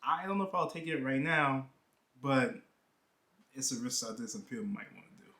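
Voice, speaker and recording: A young man from New York, United States, jokes through a casual vlog as a YouTuber, leaning on "you know." His medium-pitched delivery is animated, bright and forceful at normal speed. The reverberant audio was captured in a half-unpacked room of boxes and bags.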